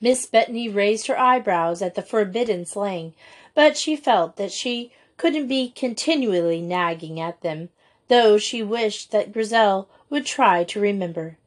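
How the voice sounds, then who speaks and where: A woman narrating a children's school story in an even, gentle reading voice. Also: mid-range voice, unhurried. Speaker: audiobook reader.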